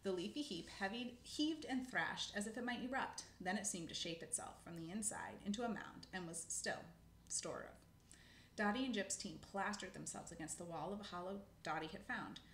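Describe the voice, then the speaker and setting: A woman's voice: medium pitch, expressive, moderate pace, fairly bright tone, echoey room, a little hiss or hum. A woman reading a children's book aloud, casual, with spoken asides and self-corrections. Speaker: narrator.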